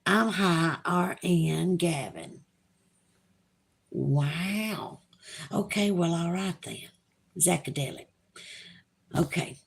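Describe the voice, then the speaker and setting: A Southern woman chatting on her livestream, taking her time over each viewer comment. Her delivery is slow and drawling, relaxed and talkative, with the Southern accent plain to hear. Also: lowish voice, vocal fry. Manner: chatty, drawling, reads comments aloud slowly. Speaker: livestream host reading chat. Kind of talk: casual livestream chat.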